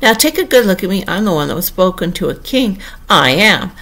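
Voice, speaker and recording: A woman's voice: medium pitch, big pitch swings, brisk. A woman reading an audiobook and voicing a pompous, touchy egg-man perched on a wall, in a raised, blustering voice. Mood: haughty. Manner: blustering, haughty, loud. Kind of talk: audiobook character voice.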